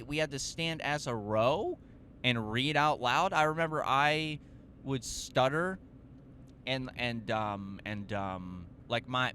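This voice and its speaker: Young male podcast host, profane self-mocking storyteller; bright, tense tone, unhurried delivery, faint noise behind. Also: mid-range voice. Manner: profane, self-mocking, rambling with fillers and restarts. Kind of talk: casual storytelling monologue.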